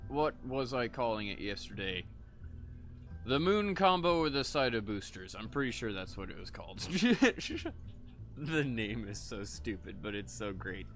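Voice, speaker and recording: Young male streamer, bright forceful voice, rambling laid-back game commentary with faint music under it. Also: mid-range voice, sing-song, measured pace. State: coughing between lines. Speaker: gaming streamer. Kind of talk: casual livestream commentary.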